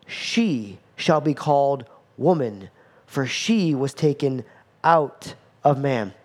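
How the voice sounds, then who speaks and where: A man preaching a sermon as pastor, animated, acting out scenes with playful asides. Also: medium pitch, slow pace.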